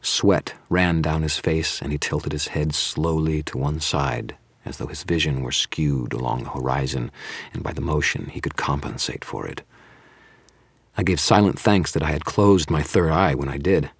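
In scripted audiobook narration, a man tells the story with measured drama. His voice is very deep and husky, and the recording has no echo.

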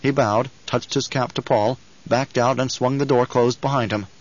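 A man narrating a novel as an audiobook in an even, measured storytelling voice. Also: mid-range voice, no echo, lo-fi sound. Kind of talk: scripted narration.

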